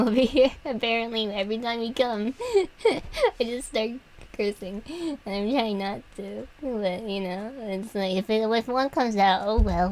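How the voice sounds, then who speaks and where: A woman's voice: mid-range voice, a little mellow, poor audio. Giggly rambling young woman streamer. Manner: giggly, meandering, trailing off with fillers. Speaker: vtuber streamer. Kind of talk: rambling livestream chat while drawing.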